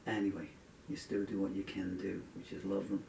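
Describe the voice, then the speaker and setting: A man's voice: low voice, level tone, brisk, vocal fry, darkish tone, a little hiss or hum. A man, a singer-songwriter chatting casually between songs in a rambling, earnest way that trails off. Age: 60s. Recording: echoey room, distant dull lo-fi mic.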